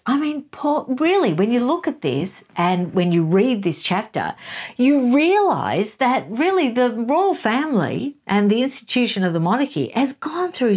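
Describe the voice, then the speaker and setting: A woman hosting a book review show, talking through a chapter in an animated, conversational way. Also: mid-range voice.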